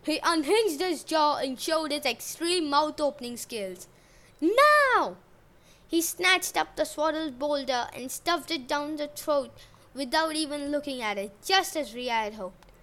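Slow, high-voiced woman telling myths. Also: fairly bright tone. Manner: jokey asides, modern slang. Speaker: podcast host and storyteller. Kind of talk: casual myth storytelling podcast.

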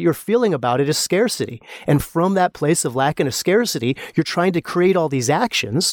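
A man's voice: a little high, dry recording, studio quality. A man hosting a motivational podcast, intensely guiding the listener through a visualization with repeated rhetorical questions and calling him brother. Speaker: podcast host, mindset coach. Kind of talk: motivational coaching monologue.

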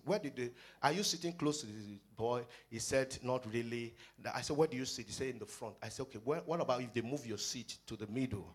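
A man preaching a sermon, telling a family story, often calling out hallelujah and laughing, moving from hushed talk to shouted praise. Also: mid-range voice, fast talker, slightly rough. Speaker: pastor.

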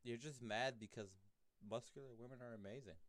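Bright, dry-voiced teasing young man. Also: mid-range voice, a little fast, dry recording. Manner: teasing, playful. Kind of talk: casual chat.

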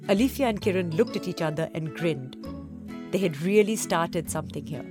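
A woman reading a children's story aloud, with expressive, varied delivery. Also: on the low side, moderate pace, over music.

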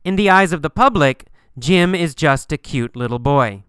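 A man teaching English pronunciation, telling a story slowly and repeating each phrase for learners to copy. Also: fairly high pitch, animated, no echo. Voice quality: crisp, clear, bright voice. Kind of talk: slow, deliberate language-lesson storytelling.

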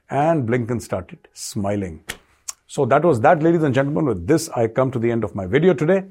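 A man's voice: medium pitch, expressive, brisk, breathy edge. Emphatic male commentator. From India. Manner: emphatic, repeats key points, addresses viewers as ladies and gentlemen. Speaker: defence commentator and show host. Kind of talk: direct-to-camera commentary and Q&A.

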